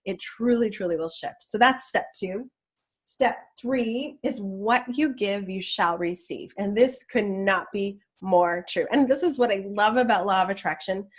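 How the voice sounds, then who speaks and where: A woman's voice: medium pitch, normal speed, breathy edge. A woman teaching law of attraction in a casual, enthusiastic talk, chatty with many restarts.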